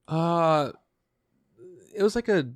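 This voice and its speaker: A man co-hosting a podcast, chatting casually and retelling an anime with lively quoted bits and swearing. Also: a little high, slow, dry recording. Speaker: podcast co-host. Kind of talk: casual chat reviewing an anime.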